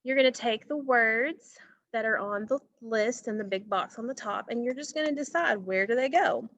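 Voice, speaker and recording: A woman teaching an online phonics lesson, slowly stretching out vowel sounds and talking straight to her students. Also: a little high, a bit bright, dry recording. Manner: slow, drawn-out modeling of vowel sounds, addressing students directly.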